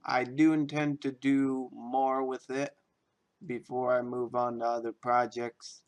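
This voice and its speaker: A man's voice: medium pitch, little pitch movement, unhurried, no room sound. A man who makes game mods, giving a casual, offhand video walkthrough of his work. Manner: rambling, offhand. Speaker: game modder.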